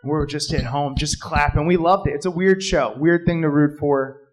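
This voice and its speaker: A man with a high voice performs stand-up in a club. He rambles through his bits and now and then bursts into loud shouted voices. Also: moderate pace, low-quality recording. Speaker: stand-up comedian. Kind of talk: stand-up comedy set. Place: live comedy club.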